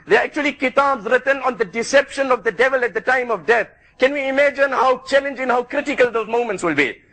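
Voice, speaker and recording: Guy preaching a sermon, really high voice, fast and fired up. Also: pushed and bright, rough recording. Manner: fervent, emphatic preaching. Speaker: Islamic preacher. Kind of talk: sermon to a gathering.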